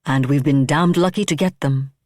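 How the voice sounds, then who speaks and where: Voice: mid-range voice, normal speed, a little mellow, no echo, lightly acted. A narrator voicing a dry, joking male nobleman who talks in a wry way.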